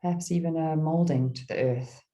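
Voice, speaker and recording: In a guided meditation that includes a poem read aloud, a middle-aged woman keeps her pace slow and her delivery soothing, pausing gently. Her voice sits low.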